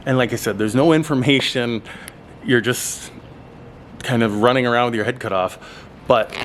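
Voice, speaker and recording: A man from Alberta, Canada, talks straight to the camera about his travels, animated and rambling, with plenty of fillers and the odd exasperated swear. His voice sits at an ordinary middle pitch. A faint hiss runs under the recording. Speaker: travel vlogger. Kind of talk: casual storytelling to camera.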